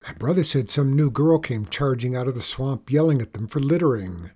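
A man's voice: medium pitch, lively intonation, brisk, darkish tone, husky. A man voicing an easygoing, friendly middle-school boy. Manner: easygoing, eager.

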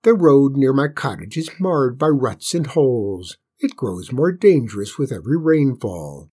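Storybook spinster, voiced by a male reader: clipped, reproachful, husky. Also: medium pitch, big pitch swings, warm tone. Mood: brisk. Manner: brisk, reproachful. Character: determined sharp-tongued spinster woman.

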